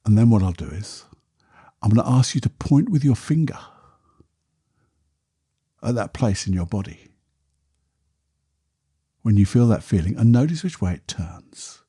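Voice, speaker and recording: A man, a podcast host and therapist, talking a listener calmly through a guided exercise in a soft, unhurried voice. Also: on the low side, breathy edge. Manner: calm, soft, unhurried guiding voice.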